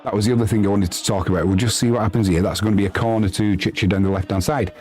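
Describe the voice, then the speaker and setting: A man doing chatty live football commentary, reading out viewer messages and yelping with excitement at goals. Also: very fast. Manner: chatty and excitable, bursting into high yelps at goals.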